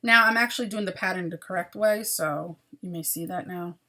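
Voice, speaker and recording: A woman's voice: fairly low pitch, brisk, sharp tone. A woman hosting a crochet video podcast, chatting casually and apologetically about her projects, sounding tired.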